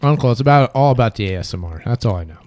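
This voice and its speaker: A man sidekick keeps up a casual chat, eating into the microphone between lines. His voice sits at an ordinary middle pitch. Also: expressive, racing, a little mellow, dry recording. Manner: chatty, eats while talking into the mic. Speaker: sidekick co-host.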